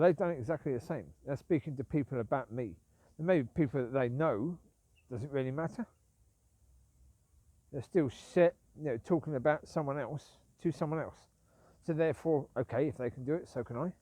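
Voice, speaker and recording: In a casual vlog monologue, a man with a slightly high, mellow voice rambles, sounding aggrieved and justifying himself as he loops back to the same points repetitively. The audio is dry with no echo and little room around it.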